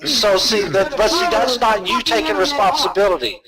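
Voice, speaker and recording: A man's voice: sits high, lively intonation, moderate pace, a crowd in the background. A man trying to rein in a heated argument and questioning a guest.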